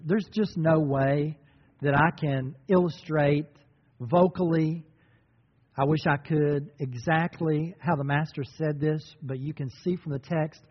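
A man's voice: on the high side, slightly rough, big-room sound, highs cut off. A male pastor delivering a sermon, preaching emphatically with lots of repetition.

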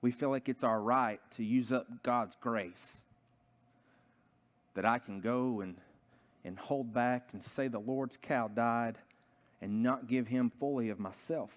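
A man's voice: medium pitch, measured pace. A man preaching a sermon in a church, telling a story earnestly and often restarting his sentences. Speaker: pastor.

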